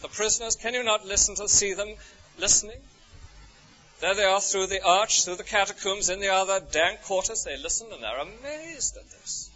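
A man with an English accent preaching a sermon, full of rhetorical questions, his voice soaring high and then dropping to a hush. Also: normal speed, soft background music. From England. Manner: expressive, rhetorical questions, swings from soaring to hushed. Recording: dull lo-fi recording.

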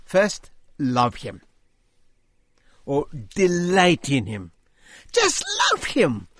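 An older man giving an emphatic sermon-style testimony, repeating key phrases, his voice rising as he gets excited. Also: on the high side, no echo, studio quality. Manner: voice rises when speaking with excitement. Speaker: Christian speaker giving testimony.

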